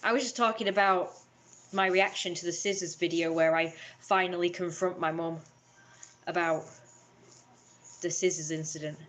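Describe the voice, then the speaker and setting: Low-voiced woman in an echoey room. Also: steady tone, normal speed, pauses often, fairly bright tone. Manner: upset, talks in long run-on retellings with many restarts. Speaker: livestream host. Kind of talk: rambling livestream chat. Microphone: webcam or phone on a livestream.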